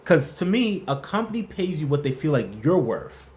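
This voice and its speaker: A man's voice: on the high side, sing-song, moderate pace, darkish tone. A man hosting a casual workplace advice livestream, answering viewer questions and greeting the chat by name in a playful, slangy way.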